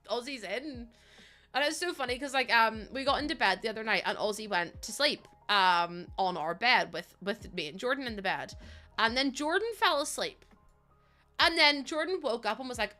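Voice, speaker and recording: A chatty woman talks on her live stream in a bright, clear voice. She laughs often and answers her chat as she goes. Faint music plays behind her. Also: on the high side, expressive, normal speed.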